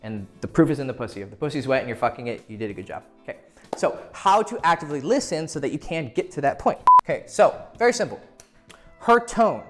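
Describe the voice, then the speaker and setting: A man's voice: medium pitch, big pitch swings, quick pace, faint music behind. A man giving casual, blunt dating advice to camera, swearing freely and acting out what people say. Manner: blunt and profane, acting out quoted voices.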